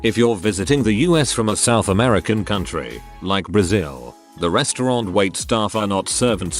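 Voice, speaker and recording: A man narrating a series of online forum posts in a wry, deadpan way. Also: on the low side, fairly quick, faint music behind. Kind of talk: scripted narration.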